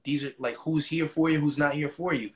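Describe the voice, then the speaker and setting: A man's voice: on the high side, steady tone, brisk. A man as an interview guest, retelling a story in casual, profane slang.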